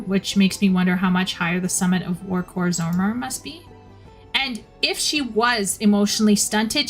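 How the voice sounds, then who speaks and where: A woman casually commenting on a game story while she live-streams it, often restarting her sentences. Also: medium pitch. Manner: chatty, restarts sentences, critiques the writing.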